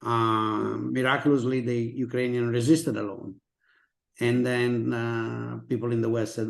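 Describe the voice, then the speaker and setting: A middle-aged man, hosting a casual interview over a video call and talking in halting phrases full of fillers and restarts. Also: medium pitch, level tone, vocal fry. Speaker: interviewer and channel host.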